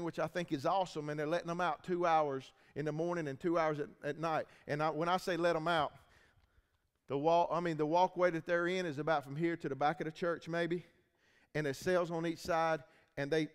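A man preaching a testimony sermon in a church, telling the story with animated acted-out dialogue. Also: fairly high pitch, smooth. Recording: echoey church hall.

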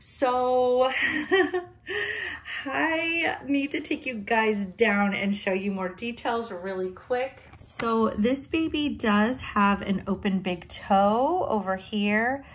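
A woman vlogger unboxing a doll, cooing and talking softly to it as if to a baby, sometimes dropping to a delighted whisper. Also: a little high, very slow. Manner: drops into breathy whispers of delight. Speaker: reborn doll collector and vlogger. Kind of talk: gushing unboxing vlog.

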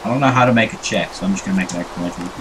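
A man's voice: sits low, rapid-fire. A man bantering playfully with his co-host during a live-streamed co-op game. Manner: playful, bantering, jumps between calm and shouty. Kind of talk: casual co-op game stream chat. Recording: noisy home recording.

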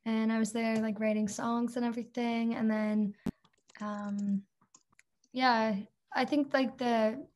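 A woman's voice: a little high, little pitch movement, slow pace, a little mellow. A young woman from Toronto, a singer-songwriter guest, chatting casually and laughing often in an interview.

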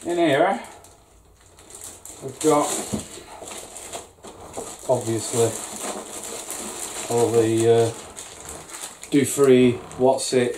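A man's voice: medium pitch, mellow, slight background noise. A middle-aged man chatting casually and swearing as he unboxes home-brewing gear, rambling and poking fun at himself. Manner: rambling, sweary, self-mocking. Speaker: home brewer, channel host. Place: garden brew shed. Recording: echoey room, distant mic.

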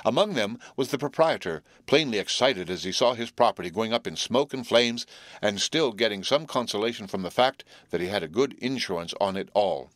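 A man narrating an audiobook in a steady, clear reading voice. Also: lowish voice, brisk, no room sound.

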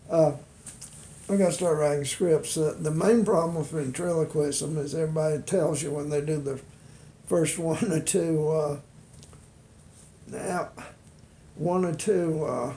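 A man speaking slowly in a gravelly, fairly high voice with a mellow, darkish tone. He rambles casually through a home vlog, self-deprecating and full of fillers. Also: slight background noise. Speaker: beginner ventriloquist.

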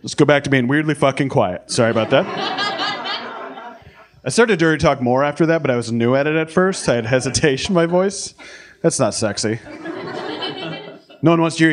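A young American man doing a stand-up set, telling stories in a deadpan, self-deprecating way. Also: medium pitch, fast, long pauses. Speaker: stand-up comedian. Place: comedy club stage, live audience. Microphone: handheld stage mic. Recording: live club with loud crowd laughter.

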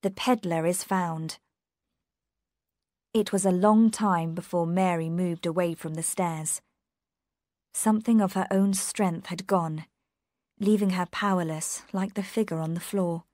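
A woman narrates a story for English learners, taking her time and reading in a measured, careful way. The recording is close and dry, with no room sound. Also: fairly low pitch, fairly even intonation, a little mellow, dry recording.

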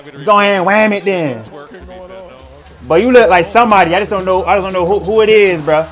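A young man giving casual, slang-heavy play-by-play reaction to basketball highlights, stammering, repeating himself and laughing as he hypes the plays. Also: a little fast, fairly bright tone. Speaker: sports reaction host.

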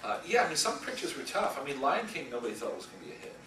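A man's voice: medium pitch, wildly swooping pitch, racing. A middle-aged man giving a casual guest lecture as an animation storyboard artist, rambling through anecdotes, laughing often and acting out quotes. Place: school lecture room. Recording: echoey room, distant mic, faint hiss.

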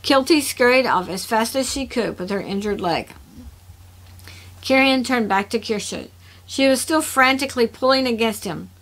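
A woman reads her own fantasy story aloud with expressive narration. Her voice is bright and fairly high in pitch. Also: moderate pace, poor audio. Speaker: author reading her story. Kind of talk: story reading.

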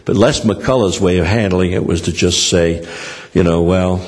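A man's voice: low voice, moderate pace, long reverb tail. An older man preaching a sermon and telling personal stories in a rambling way, with frequent hesitations and restarts. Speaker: pastor. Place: church hall.

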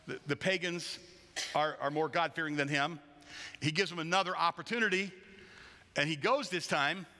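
Lively joking man preaching in a reverberant hall. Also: on the high side. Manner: lively, joking, acts out voices. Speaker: pastor. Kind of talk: sermon. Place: large church hall.

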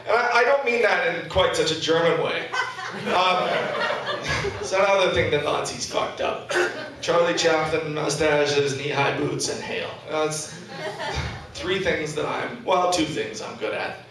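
A man's voice: a little high, a little slow, distant mic, crowd noise. A man in his thirties doing a stand-up comedy set, self-deprecating, profane and wry. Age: 30s. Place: comedy club stage, indoors. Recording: echoey club audio from afar with audience laughter.

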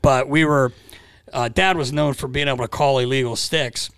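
A man co-hosting a podcast, telling stories in a relaxed casual chat and mimicking the people he talks about. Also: medium pitch, moderate pace, clean tone, no echo. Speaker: podcast co-host.

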